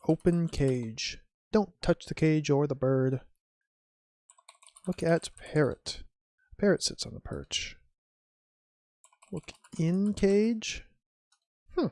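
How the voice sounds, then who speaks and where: An unhurried streamer talks through an old adventure game, reading each typed command and the game's replies aloud in a wry, musing way. The voice sits close and dry, with no room around it, and keyboard clicks come through now and then. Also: mid-range voice, darkish tone, dry recording. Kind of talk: casual gameplay commentary, reading game text aloud.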